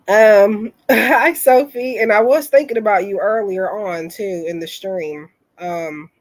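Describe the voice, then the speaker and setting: A woman chatting on a tarot livestream, her voice worn from being sick. She speaks slowly and haltingly, at a middling pitch, and her sentences often trail off. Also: a little mellow. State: sick, under-the-weather voice. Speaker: tarot reader and livestream host. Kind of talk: casual livestream chat with viewers.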